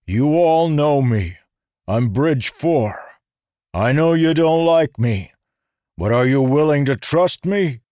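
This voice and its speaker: A narrator putting on a commanding soldier who barks orders at full volume, pitched well above his own voice. The delivery is forceful and unyielding, as in a storybook read aloud, in a dry, close recording. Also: expressive, slow pace, no room sound.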